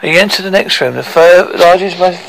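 Gravelly man reading a storybook haltingly. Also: high voice, fairly bright tone, poor audio. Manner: halting reading, frequent stumbles and self-corrections. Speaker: narrator.

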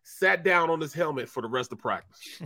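A man co-hosts a casual sports talk show and tells locker-room stories in a bright, forceful voice. He acts out the people in his stories with loud, raised voices and laughs along as he goes, with his pitch sitting a little high for a man. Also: expressive, normal speed. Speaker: co-host, former football player.

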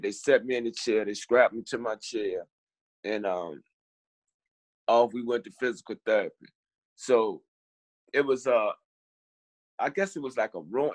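A middle-aged man from Richmond, a podcast guest telling his story in a halting way, repeating words and acting out the people he quotes. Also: mid-range voice, no room sound. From Richmond, Virginia. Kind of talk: storytelling interview.

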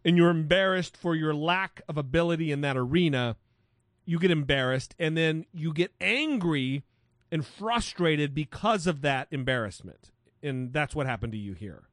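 A man's voice: on the high side, animated, normal speed, dry recording, clean studio sound. A man co-hosting a podcast who breaks down a friend's story in casual chat, stumbling over restarts and laughing easily. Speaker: podcast co-host.

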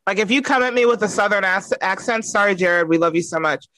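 A man co-hosting a podcast in casual comedic chat, animated and joking, laughing often. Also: sits high, fast talker, no room sound. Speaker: podcast co-host.

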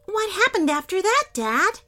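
A woman voicing a bold young girl who dreams of being a superhero, in a high, excited childlike voice. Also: measured pace, faint music behind, exaggerated voice. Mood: eager.

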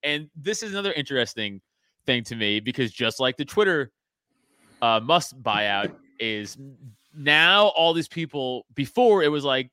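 A man's voice: fairly high pitch, lively intonation, normal speed, bright, forceful tone, clear, resonant tone, no room sound. A man talking in a casual podcast chat as a comedian guest, laughing often and swearing freely.

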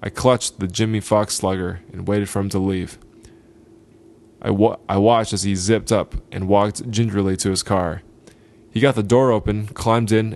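With a steady, fairly low voice, a male podcast host works slowly through a gritty short story, giving every line its time in a measured reading.

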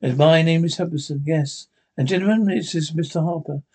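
A man's voice: fairly high pitch, brisk, a little mellow, slightly rough. A man reading the part of an older male doctor turned gambler, dry and matter-of-fact. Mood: reassured.

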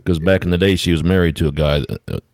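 A man's voice: low voice, fairly even intonation, fast talker, a little mellow, dry recording. A man co-hosting a casual trucker podcast, telling blunt stories from his working days. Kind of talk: casual storytelling chat.

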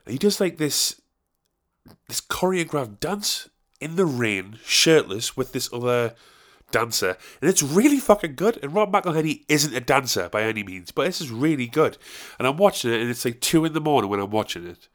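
A man's voice: medium pitch, very animated, normal speed. Rambling man in his thirties. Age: 30s. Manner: rambling, chatty, self-mocking, swears. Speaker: comedian and musician. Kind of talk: casual solo monologue.

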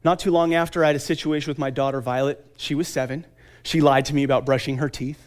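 A man in his thirties giving an earnest motivational talk at a conference, with dramatic pauses and emphatic lists. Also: fairly high pitch, steady tone.

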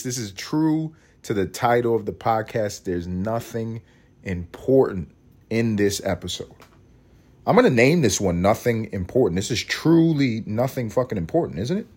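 A man's voice: on the low side, expressive, moderate pace, a little mellow, slightly rough. A man in his thirties hosting a solo podcast, rambling and cursing in a cranky, self-mocking way. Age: 30s. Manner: cranky, scattered. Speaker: podcast host. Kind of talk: casual solo podcast rant.

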